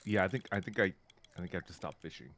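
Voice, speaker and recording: A man co-streaming a game in casual chat, excitable, playful and laughing often. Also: sits low, quick pace. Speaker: co-streamer guest.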